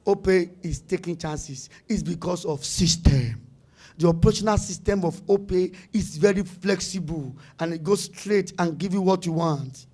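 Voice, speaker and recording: A middle-aged Nigerian man speaking at a business summit in a high, bright voice. He talks emphatically and hammers his points by repeating words. Now and then he slips into pidgin phrases. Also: moderate pace. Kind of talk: animated conference talk.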